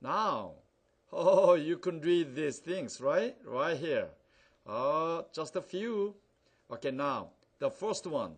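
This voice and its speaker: A man teaching an English phonics lesson, repeating each example word slowly and using simple phrasing. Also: a little high, big pitch swings, fairly bright tone, husky. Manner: slow, repeats words, drawn-out examples.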